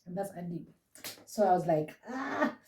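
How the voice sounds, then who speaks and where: A woman's voice: lowish voice, lively intonation, moderate pace, mellow, recorded from a distance, slight background noise. A young South African woman chatting in a gushing, casual way, reviewing a reality show from home. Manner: gushing, chatty, code-switching. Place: room at home. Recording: roomy echo, set back from mic.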